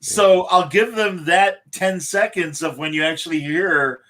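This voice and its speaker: A man's voice: high-pitched, unhurried, fairly bright tone, rough recording. A man co-hosting a podcast, rambling enthusiastically through a fan critique in casual chat. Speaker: podcast co-host.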